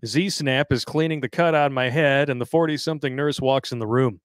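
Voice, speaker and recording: A man's voice: mid-range voice, brisk, dry recording. A man hosting a live show, reading a story aloud in a crude, jokey way and laughing often. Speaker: podcast host reading a listener story. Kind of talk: casual live-stream chat.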